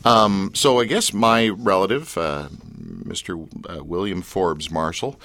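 A man's voice: sits low, measured pace, fairly bright tone, dry recording. A man hosting a radio show in a studio, joking and rambling with plenty of fillers. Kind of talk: casual studio chat.

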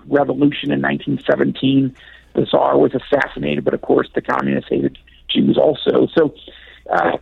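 A man's voice: a little high, creaky, slightly rough, dry recording. A man from the United States, an author talking through a radio interview with many fillers and restarts. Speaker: author guest. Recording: tinny phone line.

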